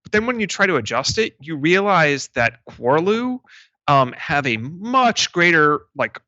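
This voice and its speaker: A man's voice: fairly high pitch, sing-song, measured pace, bright, forceful tone, no room sound, lo-fi sound. A man narrating a tabletop game as game master, casual and full of fillers. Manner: casual, many fillers and restarts.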